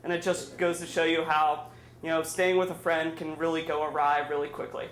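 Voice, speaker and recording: A man's voice: a little high, level tone, a little fast, a bit bright, a little hiss or hum. A man telling a funny personal story at a live storytelling night in a bar, rambling and full of fillers as he mocks himself. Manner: rambling and filler-heavy, self-mocking humor. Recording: echoey room with faint ambience.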